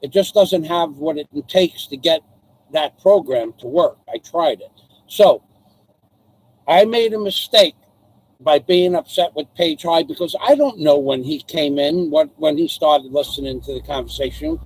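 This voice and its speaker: An older man hosting a live stream, rambling in a theatrical, self-mocking way with loud outbursts. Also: fairly high pitch, a little slow, slightly rough, rough recording.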